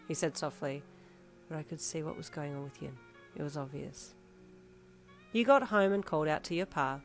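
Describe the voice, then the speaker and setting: A woman's voice: low-pitched, moderate pace, faint music behind. A woman narrating a second-person fanfiction story and chatting to viewers at the end.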